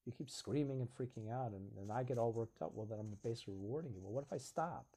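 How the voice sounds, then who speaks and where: Husky, mellow-voiced man talking earnestly. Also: medium pitch, quick pace. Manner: earnest, reflective, acts out little dialogues. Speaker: host of a live video stream. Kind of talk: casual live-stream talk.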